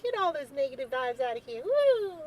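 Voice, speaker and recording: A woman hosting a live tarot reading stream, chatting casually, joking and breaking into whooping cheers, then dropping to soft murmurs. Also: high-pitched, animated, fast talker, rough recording. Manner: talks softly while eating, then bursts out loud. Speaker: live tarot reader and show host.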